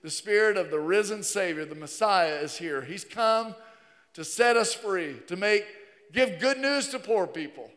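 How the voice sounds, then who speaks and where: Man preaching in a long-reverb church hall, high voice, swings from hushed to loud. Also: expressive, unhurried. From Virginia, USA. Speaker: pastor. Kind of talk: sermon. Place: church sanctuary.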